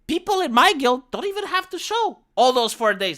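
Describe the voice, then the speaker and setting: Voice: high-pitched, normal speed. Blunt, profane streamer with a Romanian accent. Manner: blunt, profane, animated ranting. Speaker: streamer and former raid leader. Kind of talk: casual livestream rant.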